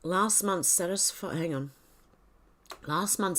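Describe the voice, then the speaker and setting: An Australian woman goes through posts aloud on her livestream, adding casual remarks while she stumbles, corrects herself, mutters asides, and sometimes coughs or clears her throat. She has a lowish voice and talks at normal speed.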